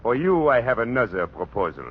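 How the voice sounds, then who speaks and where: A man's voice: medium pitch, very animated, fairly quick, natural voice. An actor playing a courtly middle-aged Frenchman with a French accent who speaks formal, broken English, in 1940s radio acting. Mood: earnest. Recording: dull old radio broadcast with faint hiss.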